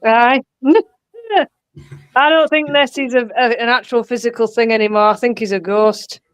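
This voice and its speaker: A woman's voice: fairly high pitch, steady tone, normal speed, smooth, low-quality recording. A woman talking casually as a guest on a chat show, laughing often between her stories. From England. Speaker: tour guide and guest.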